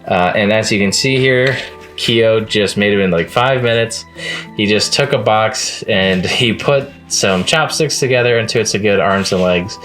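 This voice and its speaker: Man, low voice, casual manga review vlog, chatty, amused, faint music underneath. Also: measured pace, fairly bright tone. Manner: chatty and amused, laughing at the scenes he recaps.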